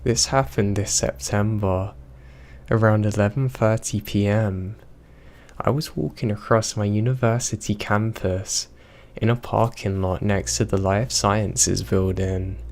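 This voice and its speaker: A young man reading horror stories aloud, in a slow, even storytelling manner. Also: lowish voice. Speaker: narrator.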